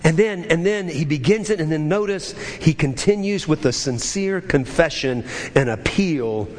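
Male pastor, high voice, fervent sermon delivery, long hall reverb; rises to peaks, sinks to near-whispers. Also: lively intonation, normal speed. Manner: impassioned preaching, swelling high then dropping low.

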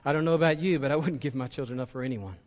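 A man's voice: mid-range voice, rapid-fire, a little mellow, long reverb tail. A man preaching a sermon as pastor, impassioned and building to emphatic peaks.

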